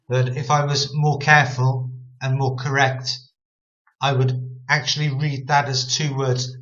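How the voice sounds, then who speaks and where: Slow, deliberate male Bible teacher. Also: mid-range voice, little pitch movement, a bit bright, highs cut off. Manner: repeats "okay" often, demonstrates pronunciation aloud. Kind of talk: casual explanatory talk to camera.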